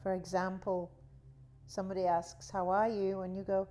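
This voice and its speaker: A woman teaching a guided yoga class, talking in a slow, soothing, drawn-out way. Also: medium pitch, little pitch movement, warm tone. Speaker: yoga instructor.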